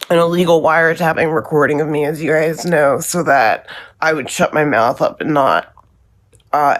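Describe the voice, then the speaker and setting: Slow, low-voiced woman, halting. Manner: halting, many ums. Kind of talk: personal statement video.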